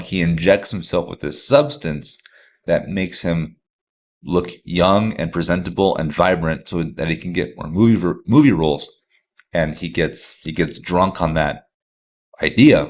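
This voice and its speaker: A man hosting a podcast, talking casually and enthusiastically with lots of fillers and restarts. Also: deep voice. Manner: rambling, filler-heavy, enthusiastic. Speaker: podcast host.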